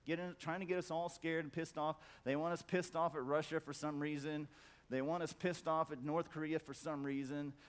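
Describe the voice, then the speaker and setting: A middle-aged conference speaker with a fairly high voice gives a profane motivational talk to a crowd in a conference hall, his delivery flat and at normal speed. He's blunt and swears freely, repeating the same word over and over for emphasis, and acts out quoted voices in a loud high squawk.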